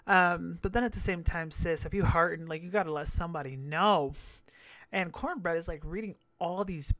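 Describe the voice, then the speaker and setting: A man's voice: fairly high pitch, normal speed, fairly bright tone, dry recording. Campy, giggly man recapping, dry close mic. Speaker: podcast host. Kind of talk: casual episode recap.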